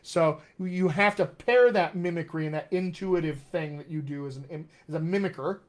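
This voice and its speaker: A dialect coach hosts a live Q&A stream, chatting casually and answering viewers one at a time in an upbeat, encouraging way. His voice is fairly high and his pace moderate.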